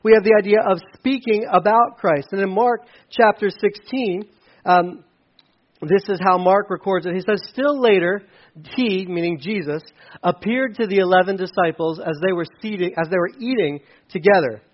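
A man preaching a casual sermon as pastor, conversational with self-deprecating asides and lively storytelling. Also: sits high, moderate pace, lo-fi sound. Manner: conversational, self-deprecating asides, animated when telling stories.

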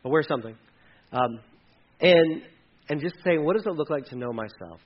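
Pastor, male, high-pitched, chatty and playful in the pulpit, lo-fi sound. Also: animated, normal speed, breathy edge. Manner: conversational, jokey, acts out voices in his retelling. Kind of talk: sermon.

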